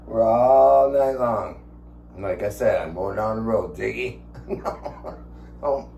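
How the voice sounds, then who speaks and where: A vlogger in his sixties tells stories casually from home, swearing often and laughing softly as he goes. He speaks with a mellow, medium-pitched voice in an echoey room where a faint hum lingers.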